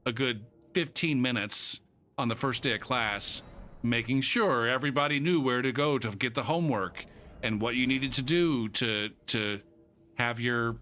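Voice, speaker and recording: A man's voice: medium pitch, moderate pace, pushed and bright, a little hiss or hum. A college instructor, a man, ranting casually and profanely with rambling asides. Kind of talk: casual rant to camera.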